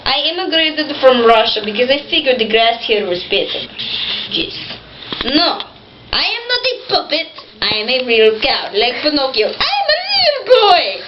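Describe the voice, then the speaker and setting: A woman's voice: high voice, moderate pace. A woman voicing a rude cow puppet. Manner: blunt, insulting, deadpan boasting. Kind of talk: homemade puppet comedy skit. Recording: roomy, dull, noisy home recording.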